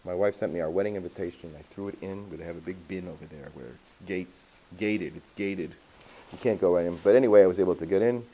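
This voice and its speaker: A rabbi with a low, mellow voice tells a personal story to his class. He talks in a lively, anecdotal way and drops Yiddish and Hebrew words along the way. He sounds relaxed and conversational. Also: quick pace.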